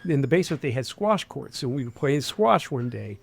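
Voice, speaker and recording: A husky, medium-pitched voice with vocal fry and a sing-song quality comes from a man in his sixties out of Huntington, West Virginia. He talks a little fast as an interview guest, his faint Appalachian accent carrying a rambling style of fillers and restarts.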